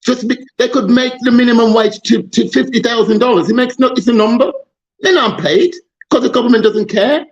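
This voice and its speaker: A man's voice: very high-pitched, a little fast, highs cut off. Exasperated man ranting. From Jamaica. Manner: passionate, exasperated, rambling with restarts. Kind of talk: casual political discussion.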